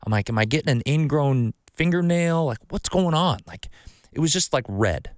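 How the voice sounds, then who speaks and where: A man's voice: a little high, expressive, normal speed, dry recording, clean studio sound. A man hosting a casual podcast, telling a rambling story full of profanity and acted-out quotes of himself. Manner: swearing storyteller, acts out his own quotes. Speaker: podcast host.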